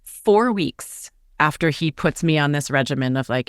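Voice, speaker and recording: A woman's voice: sits low, normal speed, no room sound, studio quality. A woman in her forties, a podcast guest, telling a candid personal story in an earnest, confiding way. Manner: earnest, confiding, animated retelling with quoted voices.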